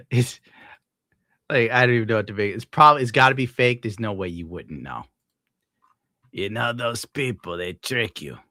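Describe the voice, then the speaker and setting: A man's voice: on the low side, lively intonation, measured pace, pauses often, pushed and bright, no room sound, clean studio sound. Crude laughing streamer guy. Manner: crude, laughing, riffing mock voices. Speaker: streamer host. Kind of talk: casual reaction commentary.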